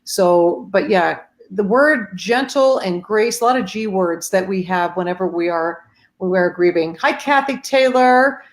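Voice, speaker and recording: Speaking a little slowly in a mid-range voice, a woman hosts a faith-based livestream for grief support via video call. She keeps things casual, offers warm greetings to viewers by name, and uses many fillers.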